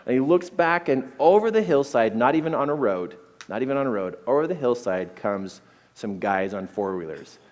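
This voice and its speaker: A middle-aged man giving a talk full of personal stories, animated and often laughing between phrases. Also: medium pitch, normal speed. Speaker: speaker.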